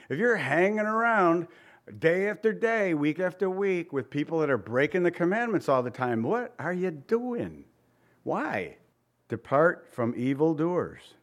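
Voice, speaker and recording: A man preaching a sermon as pastor, in a conversational style full of rhetorical questions, now and then acting out the voices he quotes. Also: on the high side. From Italian family background.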